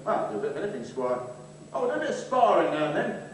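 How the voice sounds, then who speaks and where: A man's voice: high voice, sing-song, rapid-fire. An actor playing a cheeky young Cockney chancer on a theatre stage, joking his way through a posh household. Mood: boastful. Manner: cheeky, jokey banter. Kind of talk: live stage musical dialogue. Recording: echoey theatre from far off, noisy.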